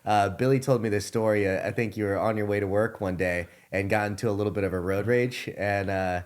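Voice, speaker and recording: Deep-voiced male podcast host. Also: brisk. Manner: relaxed, laughs often, lots of fillers. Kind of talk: casual interview chat.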